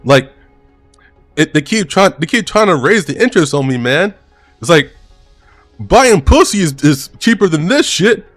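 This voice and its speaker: A man voicing a furious, foul-mouthed male bank customer who yells and swears indignantly. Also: fairly high pitch, very animated, normal speed, pauses often, no room sound, faint music behind, voice pushed up. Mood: grudging.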